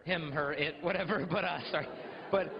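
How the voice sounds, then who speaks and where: A man's voice: on the high side, steady tone, fairly quick, gravelly, background noise. A young American man in his twenties gives a humorous motivational talk at a school assembly, joking and acting out other people's voices. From United States. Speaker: abstinence speaker at a school assembly. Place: large school hall. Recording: echoey hall, dull lo-fi sound.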